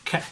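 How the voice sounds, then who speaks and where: A man running a tabletop game as game master, talking in a halting way with many pauses and restarts. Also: a bit bright. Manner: halting, full of ums and restarts.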